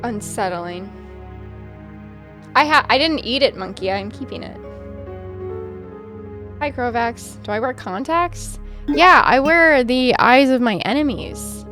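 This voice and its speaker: A woman's voice: a little high, expressive, takes it slowly, pauses often. Chatty woman streamer over game music. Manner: chatty, self-described emotional, talks to chat. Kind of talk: casual live-stream chat while gaming.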